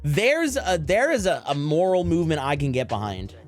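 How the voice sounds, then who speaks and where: Animated, rambling male streamer. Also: on the high side, normal speed, soft background music. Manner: rambling, joking, profane, frequent laughter. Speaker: live streamer. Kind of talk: casual chat to stream viewers.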